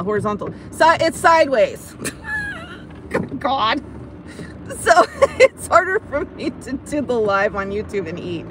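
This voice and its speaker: Chatty, lively American woman in a car. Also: fairly high pitch. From United States. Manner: chatty, giggly, self-mocking. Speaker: livestream host. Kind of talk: casual live-stream chat. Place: inside a moving car. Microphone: phone held up. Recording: car road noise.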